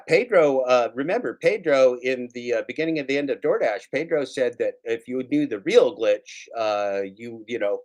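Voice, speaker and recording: A man in an ordinary middle pitch holds forth on his livestream, dry and mocking. He swears freely and loops back over the same phrases. The delivery is loose and conversational. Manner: sarcastic, profane, repeats his lines. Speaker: livestream host. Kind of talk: casual livestream rant.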